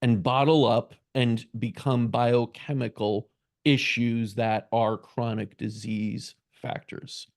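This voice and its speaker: Measured male interview host. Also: medium pitch, level tone, creaky. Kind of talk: interview questions and reflection.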